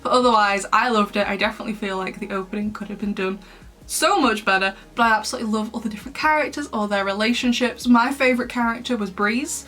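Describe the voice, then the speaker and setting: A woman's voice: medium pitch, fast talker, sharp tone. A young woman chatting casually about books she read, giggling often and rambling with fillers. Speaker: book reviewer. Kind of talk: casual book review.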